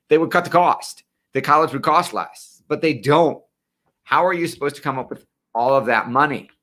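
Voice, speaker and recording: Bright-voiced middle-aged man telling his story. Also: medium pitch. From western New York. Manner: conversational storyteller, earnest and direct. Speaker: college financial aid planner. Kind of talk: personal origin-story talk.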